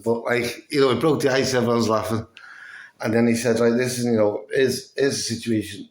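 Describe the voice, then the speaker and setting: A man's voice: medium pitch, moderate pace, darkish tone, reverberant. A man telling a story in a casual vlog, swearing often, sounding fatigued and acting out what others said. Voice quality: breathless, fatigued. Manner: swears a lot, acts out quoted dialogue.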